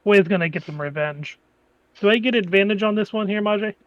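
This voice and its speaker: A man's voice: high-pitched, brisk, a bit bright, lo-fi sound. A man playing a tabletop game, jokey, talking about his character in the third person. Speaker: player. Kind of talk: casual tabletop game chat.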